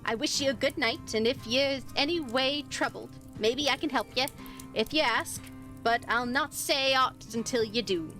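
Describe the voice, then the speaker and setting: A woman putting on a gruff old country man. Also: high-pitched, moderate pace, pushed and bright, rough recording. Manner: gruff, rustic dialect. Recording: faint music behind.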